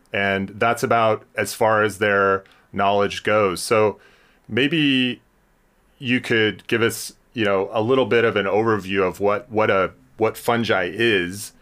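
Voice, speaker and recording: A man with a lowish, fairly bright voice hosts a science podcast interview. He talks casually and hesitantly, filling his speech with ums and restarts.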